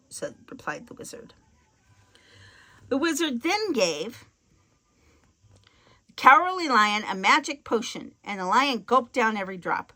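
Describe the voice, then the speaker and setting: Storybook narrator, woman, bright voice, slightly high. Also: very animated, measured pace. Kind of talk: storybook reading aloud.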